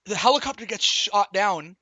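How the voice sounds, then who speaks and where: A man streaming, recapping a film in an excited, rambling way, swearing often and restarting sentences. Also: sits high, normal speed, no echo, dull audio. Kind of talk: excited casual movie recap.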